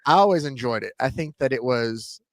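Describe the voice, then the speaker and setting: A man's voice: medium pitch, lively intonation, fairly quick, no echo. A man co-hosting a sports talk show, chatting in an easygoing, conversational way. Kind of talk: casual chat.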